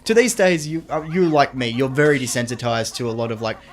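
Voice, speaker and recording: A man's voice: mid-range voice, expressive, a little fast. A young man co-hosting a let's play, joking crudely and swearing freely in casual gaming commentary.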